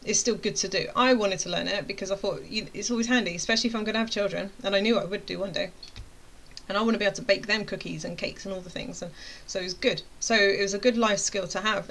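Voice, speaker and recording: A woman's voice: medium pitch, steady tone, quick pace, fairly bright tone. A woman in her thirties, a course creator, telling a chatty story to camera and acting out her own reactions. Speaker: web design course creator.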